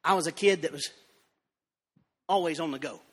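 A man preaching a revival sermon in a church, moving from storytelling into shouted fervor. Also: fairly high pitch, normal speed, a little hiss or hum. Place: church sanctuary. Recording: long church reverb.

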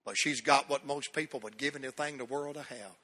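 Country preacher from North Carolina. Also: male voice, mid-range voice, fast talker, pushed and bright. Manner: emotional storytelling, folksy country speech. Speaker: pastor. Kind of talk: sermon.

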